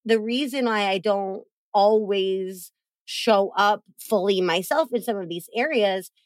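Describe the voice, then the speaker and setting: A woman hosting a podcast in casual chat, animated and acting out quotes in big voices. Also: medium pitch, a little slow, dry recording. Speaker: podcast host.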